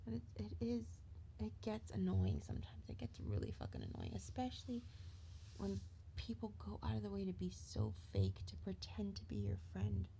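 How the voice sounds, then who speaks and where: A woman's voice: mid-range voice, huge pitch swings, normal speed, creaky, mellow, a little hiss or hum. A tired woman venting in a rambling, profane rant that often drops to a whisper.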